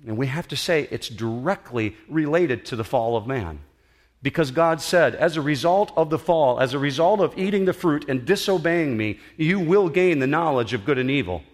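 A middle-aged man, a pastor, preaching a sermon in an auditorium, earnest and emphatic with dramatic pauses. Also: on the high side, lively intonation.

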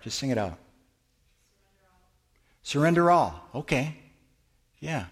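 Long pauses punctuate the middle-aged pastor's mid-range, normally paced delivery. Preaching in a church, he teaches conversationally by questioning the congregation and answering for them.

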